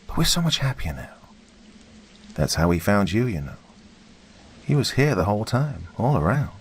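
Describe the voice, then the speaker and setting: A man voicing a possessed young woman who speaks with calm, creepy cheer. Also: on the low side, normal speed, slightly rough, exaggerated voice. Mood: eerie calm.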